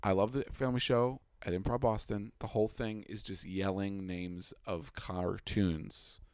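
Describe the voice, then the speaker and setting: A man's voice: on the low side, fairly even intonation, measured pace, a little mellow, smooth, dry recording, studio quality. A young man co-hosting a podcast in goofy, rambling casual chat, calling out mock film-set cues. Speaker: podcast co-host.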